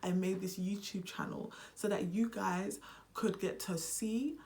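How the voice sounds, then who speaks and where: A young woman with a British accent chats straight to camera, and she slips into a Nigerian accent as she goes. She talks in an animated, unserious way. Her pitch sits in a middle range for a woman. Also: unhurried, creaky. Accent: British, switching into Nigerian. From United Kingdom. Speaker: vlogger. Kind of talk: casual vlog chat.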